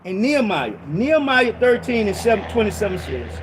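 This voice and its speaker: High-voiced man preaching with shouted bursts. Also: big pitch swings, brisk, background noise. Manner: emphatic, slangy and repetitive, with shouted bursts. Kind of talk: informal Bible teaching sermon.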